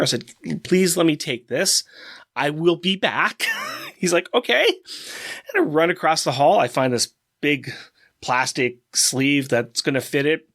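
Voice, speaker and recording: Male podcast co-host, somewhat high voice, dry close sound, lively storyteller. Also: unhurried, no room sound. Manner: excited, animated storytelling. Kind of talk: casual chat.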